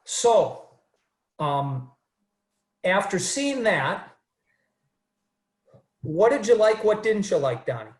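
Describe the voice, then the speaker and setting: A man's voice: high-pitched, sing-song, slow pace, long pauses. A man moderating a casual panel discussion over a video call, hesitant, with many restarts, acting out quotes as he retells a scene. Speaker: webinar moderator. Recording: echoey room sound.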